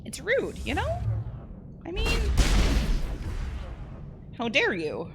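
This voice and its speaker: A woman commenting on her gameplay as host, chatting to the game's characters and yelping loudly when startled. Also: very high-pitched, huge pitch swings, takes it slowly, heavy background noise. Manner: chatty, talks to game characters, startled into loud yelps. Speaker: let's play host. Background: game music and gunfire.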